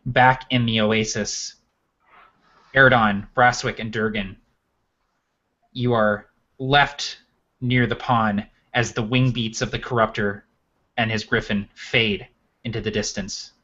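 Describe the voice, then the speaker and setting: A man running a tabletop game, narrating scenes in a measured, vivid way. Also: lowish voice, fairly even intonation, pushed and bright, highs cut off. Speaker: game master.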